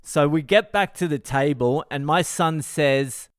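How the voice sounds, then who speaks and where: A man's voice: on the high side, unhurried, hardly any pauses, clean tone, no echo, clean studio sound. A man hosting his own podcast, telling a story in a profane, exasperated way. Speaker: comedian podcast host. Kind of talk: solo storytelling monologue.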